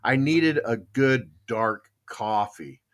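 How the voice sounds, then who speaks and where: Slow and mid-range, with lively intonation, this older man hosts a casual podcast where he talks with a live chatroom. His stories run long and rambling, dotted with fillers, restarts and many chuckles.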